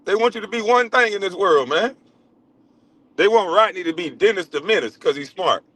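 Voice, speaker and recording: A man's voice: sits high, animated, normal speed, a bit bright. A middle-aged man, talking loosely and playfully to his viewers in a casual vlog. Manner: loose, playful, talks to viewers, swears freely. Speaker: vlogger.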